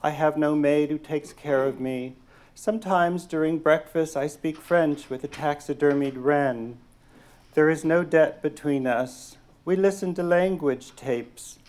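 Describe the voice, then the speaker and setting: A man, a poet, reading his poems aloud at a lecture event, pausing with hesitant asides between poems and reading the verse in a slow, measured way. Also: fairly high pitch, a little mellow. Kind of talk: poetry reading. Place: lecture hall.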